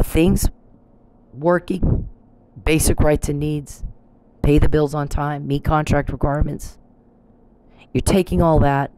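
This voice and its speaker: A woman's voice: low-pitched, warm tone, slight background noise, low-quality recording. Combative woman ranting, profane and rambling. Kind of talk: angry monologue to camera.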